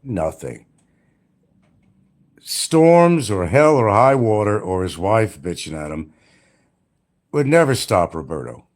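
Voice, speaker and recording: An older retired man hosts a casual, rambling livestream, speaking bluntly and with plenty of profanity as he mocks people and laughs often. His voice sits fairly low and has a sing-song lilt, and he talks slowly with long pauses.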